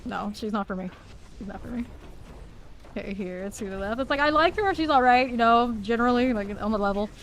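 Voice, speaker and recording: A woman's voice: a little high, animated, a little fast, a little hiss or hum, poor audio. A woman game streamer chatting casually and playfully while she plays, laughing often and exclaiming. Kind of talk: casual chat while live gaming.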